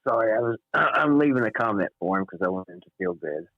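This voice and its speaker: Laid-back male co-host with a lowish voice and short replies, slightly muffled recording. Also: expressive, fast, dry recording. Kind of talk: casual chat.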